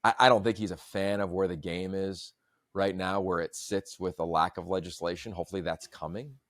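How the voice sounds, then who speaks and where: A man hosting a podcast, telling stories in a long-winded, animated way. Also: sits low, fairly quick, dry recording, clean studio sound. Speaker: podcast host. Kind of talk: casual chat.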